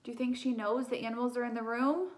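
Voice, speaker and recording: Young female teacher with a high voice, reading a picture book aloud to children, gentle and lively. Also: fast talker. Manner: gentle, animated, asks children questions.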